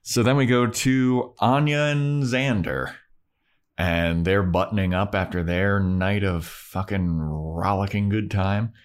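Male podcast co-host, slightly low voice, loose swearing recap chat. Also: fairly even intonation, slow. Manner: retells scenes in mocking put-on voices, swears freely.

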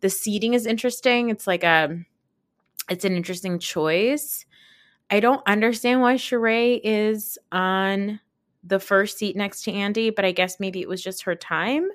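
A woman podcast host recapping a reality show in a casual, chatty way, with lots of fillers and quick asides. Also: medium pitch, dry recording, clean studio sound.

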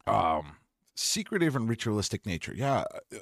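A man's voice: on the low side, lively intonation, normal speed, dry recording, studio quality. A middle-aged man hosting a podcast alone, fired up and sarcastic, swearing as he reads out listener comments. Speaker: podcast host. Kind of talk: solo podcast rant reading live comments.

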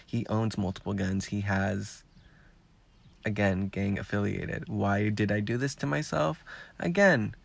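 This podcast host is a man with a gravelly, fairly low voice who speaks unhurriedly. He rambles casually and frankly, leaning on many fillers and swearing a great deal.

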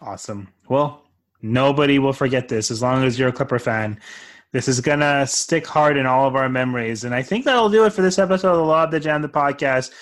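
A man's voice: medium pitch, fairly quick. Upbeat young podcast host man. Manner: upbeat, enthusiastic fan talk. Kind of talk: casual sports podcast chat.

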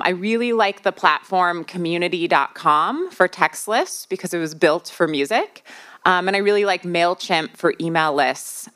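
A woman's voice: fairly low pitch, fairly bright tone. A woman with a Midwestern American accent hosting a live podcast, chatting to the audience with lots of fillers. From United States. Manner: chatty, asks the crowd questions, many fillers. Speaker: podcast host.

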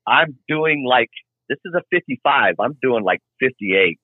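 A man's voice: medium pitch, a little slow, no room sound, phone-quality sound. A middle-aged man from Arkansas, rambling through a long motorcycle story as a podcast guest and acting out the people in it. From Arkansas, USA. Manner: rambling, animated retelling with quoted dialogue. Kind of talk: casual storytelling.

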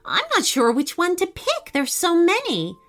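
A woman's voice: wildly swooping pitch, moderate pace, a bit bright, heavily acted. A woman doing a sweet little mermaid girl. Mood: unsure. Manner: high, sweet and childlike.

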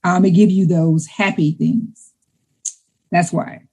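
Husky-voiced woman chatting enthusiastically. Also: fairly low pitch, slow pace, poor audio. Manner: enthusiastic, chatty, repeats words when excited. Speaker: interview guest. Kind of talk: casual conversation.

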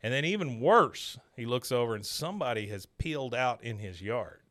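A man's voice: mid-range voice, animated, moderate pace, a bit bright, dry recording. A man hosting a podcast, casually retelling a cartoon episode and briefly mimicking the characters' lines. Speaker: podcast host.

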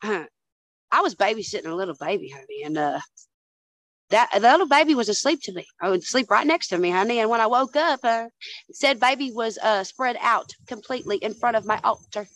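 A woman's voice: on the high side, lively intonation, brisk, a bit bright, dry recording, low-quality recording. A woman guest in a casual chat, telling stories with lots of swearing and calling the listener "honey" and "dude". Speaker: podcast guest.

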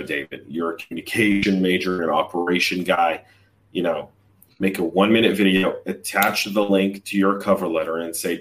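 A man giving blunt, emphatic career advice on a live chat show as hiring leader. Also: sits low. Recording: voice distant from the mic.

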